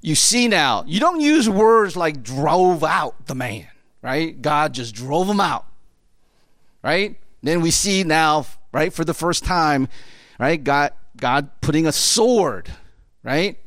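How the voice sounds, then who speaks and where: A middle-aged man delivers a sermon in an animated, conversational style, tossing in "right?" over and over. His voice sits high and swings widely in pitch. The recording is dry and close, with no room sound. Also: slow, no echo. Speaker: pastor.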